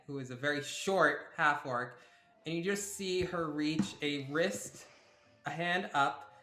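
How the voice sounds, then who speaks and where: Confident woman player, lowish voice, echoey room. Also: bright, forceful tone. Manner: confident, teasing. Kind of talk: tabletop role-play.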